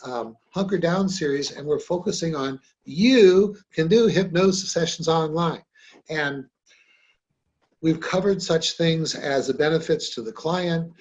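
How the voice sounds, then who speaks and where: Friendly and rambling, a podcast host and hypnosis trainer talks casually about hypnosis, leaning on plenty of fillers. His voice sits slightly high and a bit mellow, and the audio sounds dull.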